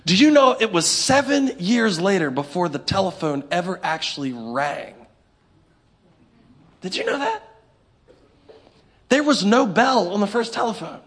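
A man preaching a sermon in a church, animated and humorous, acting out little scenes for the congregation. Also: high voice, measured pace, long pauses, breathy edge. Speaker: pastor. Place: church sanctuary.

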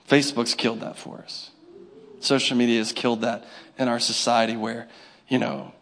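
A man preaching a sermon to his congregation, animated, with call-and-response and little acted-out scenes. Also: mid-range voice. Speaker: pastor.

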